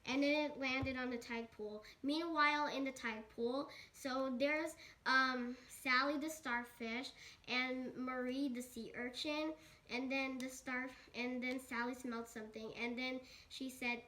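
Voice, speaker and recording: High child voice, rambling made-up story, restarts, "and then" over and over. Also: female voice, steady tone, unhurried, pushed and bright. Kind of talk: improvised kid's story.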